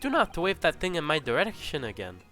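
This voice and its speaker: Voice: medium pitch, wildly swooping pitch, a little fast, fairly bright tone, soft background music, pitched above the performer's own voice. A streamer doing a stern old British judge. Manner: formal, stern, commanding. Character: pompous older male British judge. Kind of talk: game dialogue read aloud by a streamer.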